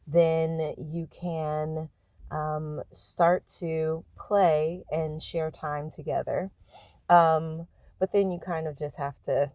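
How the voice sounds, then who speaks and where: A woman speaking in a reflective personal monologue, thoughtful and unhurried, pausing often to find her words. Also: sits low, darkish tone, no echo. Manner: thoughtful, unhurried, with frequent hesitations.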